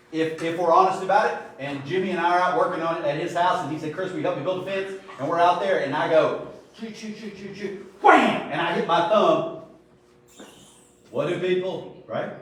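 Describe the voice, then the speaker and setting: A man's voice: a little high, recorded from a distance. A middle-aged man leading an informal Bible study, talking conversationally with joking asides and acting out little scenes. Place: church room. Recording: echoey room, voice from afar.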